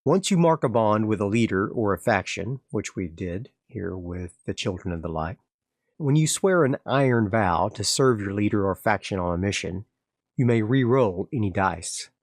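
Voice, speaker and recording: A man runs a solo tabletop game as game master and player, announcing each dice roll in turn and narrating what happens. He has a lowish voice with lively intonation at normal speed, captured in studio quality with no echo.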